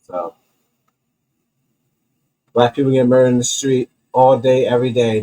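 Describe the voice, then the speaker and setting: Husky-voiced man on a profane rant. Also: mid-range voice, steady tone, normal speed, long pauses, mellow, poor audio. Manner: swearing, heated, rambling with restarts. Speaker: host of a comedy commentary show.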